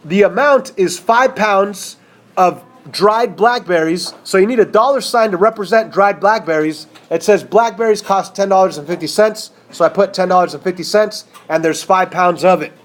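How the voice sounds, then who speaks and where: Male math teacher, high voice, casual and conversational, checks understanding often. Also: normal speed. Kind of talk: whiteboard math lesson.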